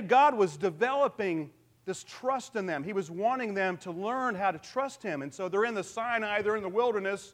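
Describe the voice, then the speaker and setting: A man's voice: high-pitched, normal speed, fairly bright tone. A man pastor giving a conversational sermon, asking the congregation questions and using humor.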